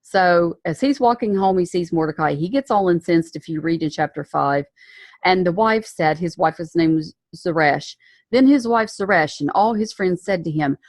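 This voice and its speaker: A woman's voice: on the low side, animated, moderate pace, darkish tone, no room sound, clean studio sound. A woman giving a casual Bible lesson, retelling the story in a chatty way with slang and frequent self-corrections. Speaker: Bible teacher.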